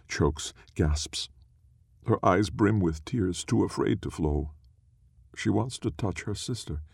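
A man narrating a story in a slow, measured, solemn reading. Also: rumbling low, vocal fry, warm tone, no room sound, studio quality.

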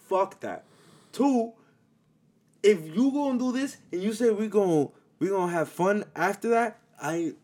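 Podcast co-host, man, slightly high voice, emphatic and profane, repeats for effect. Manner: loud, swearing, emphatic, repeats himself. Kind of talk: casual chat.

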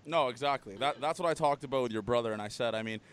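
A young man hosting a casual chat, brash and excitable, swearing freely. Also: mid-range voice, quick pace, a little hiss or hum. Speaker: podcast host.

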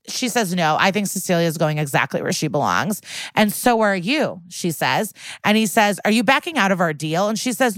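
A woman's voice: fairly low pitch, expressive, brisk, fairly bright tone, no echo. A woman co-hosting a podcast, animatedly retelling a TV episode and acting out the quotes in a casual chat. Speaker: podcast co-host.

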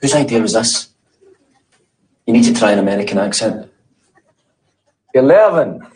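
A man's voice: mid-range voice, expressive, normal speed, lightly acted. A man with a Scottish accent playing a grumpy, sarcastic character stuck in a lift in a comedy sketch. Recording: loud background noise.

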